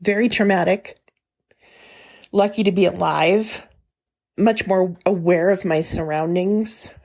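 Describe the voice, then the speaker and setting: A woman's voice: on the low side, slow pace, darkish tone. A woman telling a frightening story from her own life as a guest. She tells it with feeling and acts out what she said back then. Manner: emotional, acts out her own past words. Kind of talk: first-person retelling.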